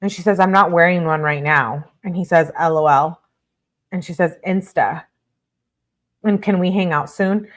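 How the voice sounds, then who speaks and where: A woman hosting a true-crime video, reading text messages aloud in a brisk way and breaking off for blunt asides of her own. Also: lowish voice.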